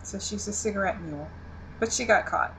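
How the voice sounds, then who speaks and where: A woman co-hosting a casual TV recap chat, giggling often and pausing with ums and restarts. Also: mid-range voice, a bit bright, a little hiss or hum, low-quality recording. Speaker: podcast co-host.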